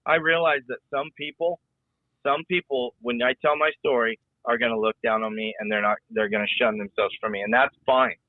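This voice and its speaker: A man's voice: medium pitch, fairly even intonation, fairly quick, no room sound. Folksy middle-aged man on a tinny line. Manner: rambling, repeats words, folksy. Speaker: guest, former rodeo rider and rodeo announcer. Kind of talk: casual podcast conversation.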